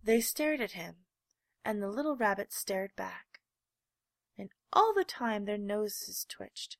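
A woman reads a children's storybook aloud at a gentle, measured pace. Her voice sits at a middle pitch. The recording is dry, with no room sound. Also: big pitch swings, creaky, dry recording. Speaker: narrator.

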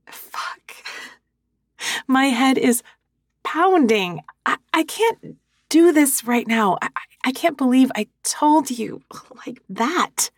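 A woman voicing a hungover young woman who swears and apologizes to the listener in an audio role-play, with halting, self-deprecating talk, close to a sensitive microphone. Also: high-pitched, very animated, no echo, voice pushed up, exaggerated voice. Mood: sheepish.

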